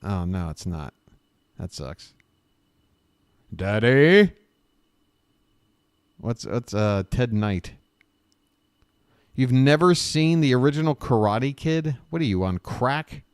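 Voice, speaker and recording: A man's voice: medium pitch, expressive, unhurried, darkish tone, smooth, no echo, clean studio sound. A man hosting a live stream, riffing with sarcastic jokes in a rambling, self-interrupting way. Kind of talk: casual live-stream commentary.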